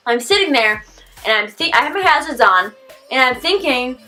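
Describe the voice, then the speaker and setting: A teenage girl vlogger telling a story casually, rambling with lots of "like" and animated quoted reactions. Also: sits high, moderate pace, soft background music. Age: teens. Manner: animated, rambling, heavy use of "like".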